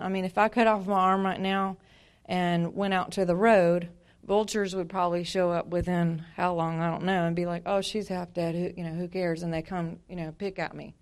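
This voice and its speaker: A woman's voice: lowish voice, clear, resonant tone. A woman from Montana telling her faith testimony to a church audience in a casual, rambling way, full of fillers and acted-out asides.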